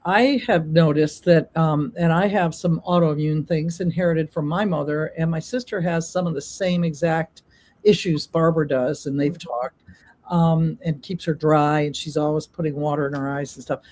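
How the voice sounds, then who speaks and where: A woman's voice: deep voice, fairly even intonation, moderate pace, darkish tone. An older woman sharing her own experience as a guest, rambling and chatty with many ums. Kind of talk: casual testimony.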